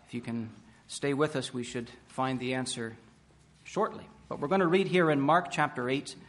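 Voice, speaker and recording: A man preaching a sermon at a conference, building up emphatically with slowed, stressed words and rhetorical questions. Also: a little high, a bit bright. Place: conference hall.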